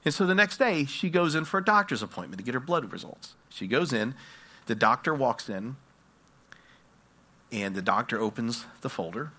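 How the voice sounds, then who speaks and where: A man preaching a sermon, telling stories dramatically and swinging from hushed tones to loud ones. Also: mid-range voice, animated, moderate pace.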